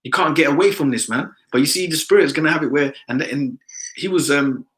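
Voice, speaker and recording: A man's voice: on the high side, a little fast, fairly bright tone, poor audio. A man with a London accent talking emphatically in a casual religious discussion, often tagging "man" onto his points. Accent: London English. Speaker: discussion participant.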